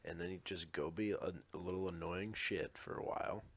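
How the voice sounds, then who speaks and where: A man's voice: low voice, fairly even intonation, fairly quick. A man hosting a casual podcast chat who steers the conversation in a laid-back way. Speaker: podcast host.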